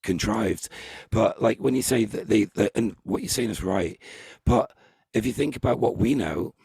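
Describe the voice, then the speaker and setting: A man hosting a casual group chat, talking in halting bursts full of restarts. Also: lowish voice, gravelly, a little mellow, slightly rough, dry recording. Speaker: host.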